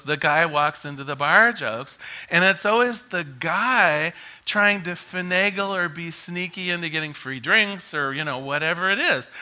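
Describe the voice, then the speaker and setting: A man gives an inspirational talk to a live audience in a conversational way, leaning on rhetorical questions. His voice is bright and forceful, and his pitch sits slightly high. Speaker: speaker.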